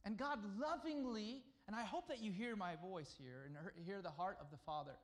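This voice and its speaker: A man preaching a conversational sermon, at times dropping to a hushed voice to speak as God. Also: high-pitched, normal speed. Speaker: pastor.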